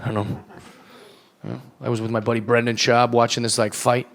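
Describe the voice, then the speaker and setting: A man's voice: mid-range voice, steady tone, quick pace, vocal fry. A man in his thirties doing a stand-up comedy set, with a loose, rambling delivery and acted-out voices, recorded live on a club stage with a handheld mic. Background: audience laughter.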